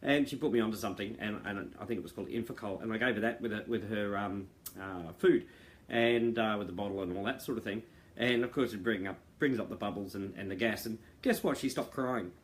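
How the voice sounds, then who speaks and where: A middle-aged man talking earnestly to members on a video call, rambling with fillers and restarts. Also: fairly low pitch. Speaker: founder addressing members. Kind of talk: casual monologue to viewers. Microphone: video call mic.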